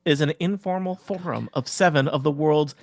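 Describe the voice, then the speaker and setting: A man's voice: on the high side, moderate pace, no room sound. A man hosting a podcast quiz game, reading out questions and explaining answers. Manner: explanatory, reads questions and facts. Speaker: quiz host.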